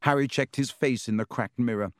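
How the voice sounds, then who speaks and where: A man narrating a storybook in a measured, steady voice of middle pitch. The recording is dry and close to the mic. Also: no echo. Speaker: audiobook narrator. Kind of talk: scripted narration.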